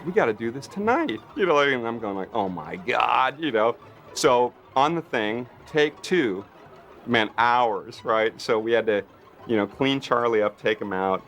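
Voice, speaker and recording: A man recounting effects work in an interview, animated and full of fillers, acting out what others said. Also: lowish voice, normal speed, soft background music. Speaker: makeup effects artist interviewee. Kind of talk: documentary interview anecdote.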